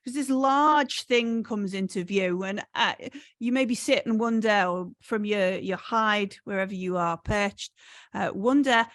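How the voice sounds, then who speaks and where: A woman's voice: medium pitch, measured pace, fairly bright tone, no room sound, studio quality. A woman narrating a tabletop game as game master, hesitant with many ums and restarts.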